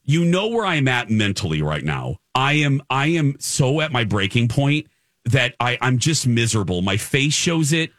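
A man hosting a radio talk show, telling a comic story in an animated, exasperated way with many restarts. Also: medium pitch, moderate pace, no room sound.

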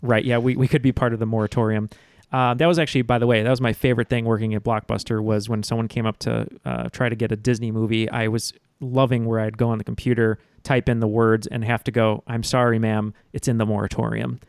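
A man hosting a trivia podcast in casual chat, relaxed and filler-heavy. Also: medium pitch, quick pace, smooth, dry recording, clean studio sound.

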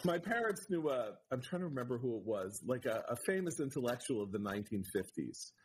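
A man co-hosting a podcast, telling animated stories in casual chat, with fillers and restarts. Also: mid-range voice, brisk, background noise. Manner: animated storytelling, with frequent fillers and restarts into voices. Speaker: podcast co-host.

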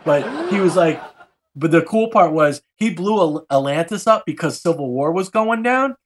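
A man's voice: on the high side, expressive, normal speed, slight background noise. A man casually retelling a comic book plot, rambling and swearing freely with lots of filler. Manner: rambling and profane, heavy use of filler phrases and slang.

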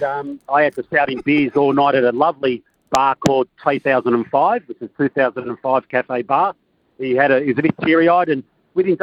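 A man's voice: a little high, highs cut off. A man with an Australian accent, calling in to a radio show, who tells a long teasing story about an old friend. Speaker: caller. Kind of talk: casual phone-in banter. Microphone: phone call.

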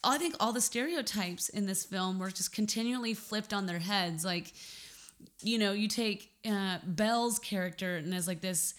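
A woman co-hosting a casual film podcast, chatty and quick to correct and add details. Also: medium pitch. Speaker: podcast co-host.

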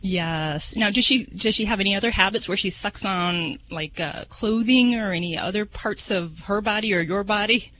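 A woman's voice: mid-range voice, normal speed, few pauses, a little hiss or hum, rough recording. A woman veterinarian answering a caller on a radio show, chatty with lots of "um"s. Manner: warm, chatty, says um a lot. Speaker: veterinarian guest. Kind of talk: explaining on a call-in radio show.

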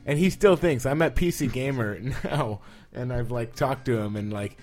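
A man's voice: mid-range voice, normal speed, a little mellow, faint music behind. A young man from Ottawa, a guest on a casual podcast, a little drunk, telling dry, wry stories. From Canada, Ottawa.

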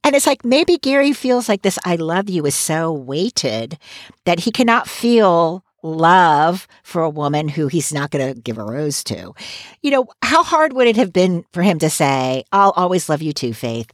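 A woman's voice: lowish voice, big pitch swings, unhurried, no room sound, studio quality. A woman co-hosting a podcast, chatting casually and giving emphatic, opinionated takes with frequent asides. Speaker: podcast co-host. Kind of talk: casual recap chat.

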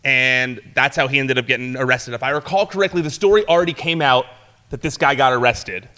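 A young man who used to be an entertainment reporter tells a story in casual chat, speaking fairly quickly in a pushed, bright voice. He's full of fillers and restarts and acts out quotes in a higher voice.

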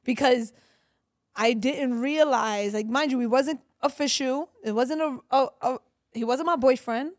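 A woman's voice: high-pitched, measured pace, no echo, clean studio sound. A woman co-hosting a podcast, chatting casually and telling a story with quoted asides. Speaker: podcast co-host. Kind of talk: casual chat.

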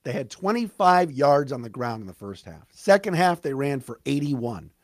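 A man hosting a solo sports talk podcast, recapping a game with emphatic, fan-like commentary and quick asides. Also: medium pitch, very animated, no room sound, clean studio sound.

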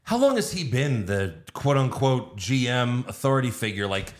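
A man hosting a podcast, recapping events in casual chat with an animated storytelling manner. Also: mid-range voice, normal speed. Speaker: podcast host recapping wrestling.

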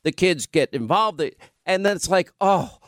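Male talk host, high voice, dry studio sound, banters and defends himself playfully. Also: animated, normal speed, a bit bright, no echo. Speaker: radio talk show host.

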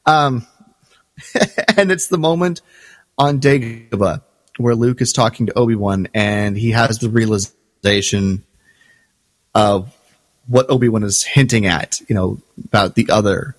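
A man's voice: fairly low pitch, measured pace, pauses often, no room sound. A man co-hosting a podcast, chatting casually in a wry way and correcting himself as he goes. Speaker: podcast co-host.

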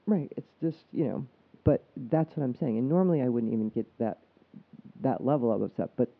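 A man's voice: medium pitch, expressive, slightly rough. A man co-hosting a podcast, talking earnestly in a casual chat and often restarting his sentences. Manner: earnest, explaining, halting restarts. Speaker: podcast co-host. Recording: tinny phone-like sound.

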